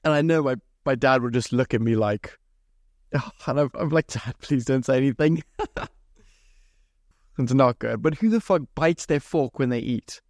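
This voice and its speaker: A man's voice: mid-range voice, expressive, unhurried, long pauses, dry recording. Young guy ranting solo on his podcast, swears a lot, fed up, dry sound. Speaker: podcast host. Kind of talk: solo casual podcast rant.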